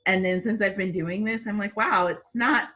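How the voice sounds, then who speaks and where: A woman's voice: mid-range voice, steady tone, normal speed, bright, forceful tone. A woman from the United States, musing casually in a video call chat, with many fillers.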